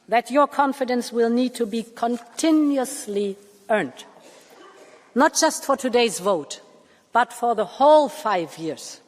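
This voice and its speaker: A woman in her sixties giving a formal speech to a parliament, measured and emphatic, with deliberate pauses. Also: on the high side, lively intonation, a little mellow. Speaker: Commission president addressing parliament. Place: large parliament chamber. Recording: long reverb of a large hall.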